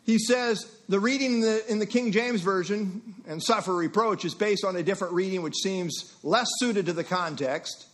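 A middle-aged male pastor preaching an expository sermon, emphatic, with rhetorical questions and quick asides. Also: sits high, fairly bright tone.

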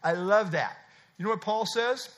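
A man's voice: sits high, moderate pace, a bit bright. A man preaching a sermon, explaining scripture verse by verse with repeated emphatic phrases and frequent uh fillers. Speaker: pastor.

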